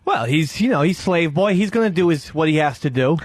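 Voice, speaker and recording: A man's voice: on the high side, animated, brisk, dry recording, studio quality. A man and radio show regular, cocky and playful in casual on-air banter. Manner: cocky, playful, laughs often.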